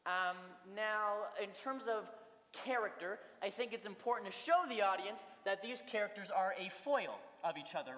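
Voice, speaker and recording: A young man on a school stage playing a pretentious, stammering high-school drama director who patronizes his students. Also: a bit bright. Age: young adult. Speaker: drama teacher character in a school play. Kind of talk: stage comedy acting. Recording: echoey school auditorium, faint room noise.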